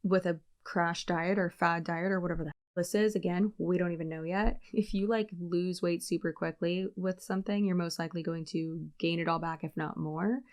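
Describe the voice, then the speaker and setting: A woman's voice: lowish voice, steady tone, normal speed, hardly any pauses. A woman hosting a reaction video, giving sarcastic, exasperated commentary with a mocking edge.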